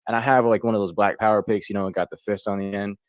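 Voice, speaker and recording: Young male comic, low voice, dry close sound, crude rambling delivery. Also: fairly even intonation, rapid-fire, no echo. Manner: rambling, crude, loose storytelling. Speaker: comedian contestant. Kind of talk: stand-up comedy set.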